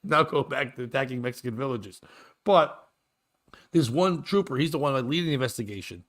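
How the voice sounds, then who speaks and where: A man's voice: medium pitch, animated, brisk, fairly bright tone. Male podcast host, 30s, casual and rambling, crude humor. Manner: rambling, jokey, swearing, often laughing. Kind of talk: casual comedy chat.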